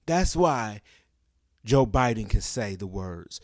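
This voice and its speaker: A man's voice: lowish voice, expressive, slow pace, dry recording, clean studio sound. A young man giving a passionate, preachy opinion commentary, often asking "guess what?" to drive his point home. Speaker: commentary vlogger.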